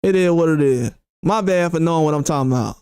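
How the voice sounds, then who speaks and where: High-voiced man ranting about boxing. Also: fast talker, smooth, no echo, studio quality. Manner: animated, mocking, quotes critics sarcastically. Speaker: boxing channel host. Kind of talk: opinionated commentary rant.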